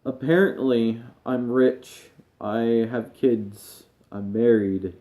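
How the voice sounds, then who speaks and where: Grieving man with a mellow voice. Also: mid-range voice, fairly even intonation. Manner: halting, emotional, often trailing off quietly. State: grieving, near tears. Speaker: gaming streamer. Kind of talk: personal talk to camera.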